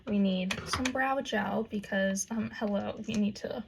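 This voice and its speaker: A woman's voice: on the high side, fairly even intonation, moderate pace, creaky, few pauses, slight background noise. A young woman with a Southern US accent chatting casually through a makeup tutorial, full of "like" and "um". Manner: chatty, valley-girl fillers, frequent "like" and "um". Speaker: makeup vlogger.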